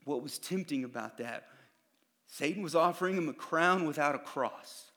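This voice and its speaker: A man's voice: fairly high pitch, normal speed, sharp tone. A man preaching a sermon in a casual, conversational way, often acting out what others say. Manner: casual, conversational preaching that acts out quoted voices. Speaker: pastor.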